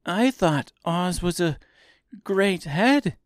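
A man's voice: high-pitched, animated, slow pace, dry recording, clean studio sound, voice pushed up. A man voicing an earnest young girl. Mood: insistent. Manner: earnest, insistent.

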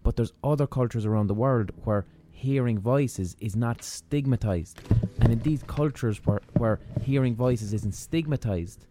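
A man's voice: mid-range voice, measured pace, hardly any pauses, heavy background noise. A man hosting a podcast who asks curious, rambling questions and repeats himself as he thinks aloud. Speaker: podcast host. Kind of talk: conversational interview questions.

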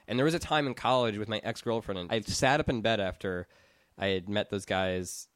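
Young male podcast founder, smooth resonant voice, loose filler-heavy rambling. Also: fairly low pitch, fairly quick, no room sound, clean studio sound. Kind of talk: casual podcast chat.

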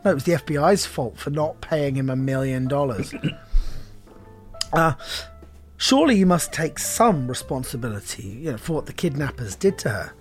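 A man's voice: fairly high pitch, lively intonation, moderate pace, faint music behind. A man reading a script aloud as a podcast co-host, wry and theatrical, laughing often.

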